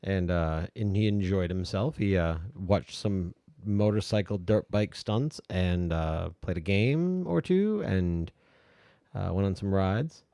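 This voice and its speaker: A man's voice: slow pace, vocal fry, dark tone, smooth, no room sound, studio quality. A man hosting a podcast, chatting casually and easygoing, laughing often. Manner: laughing, easygoing, bouncy pitch. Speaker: host.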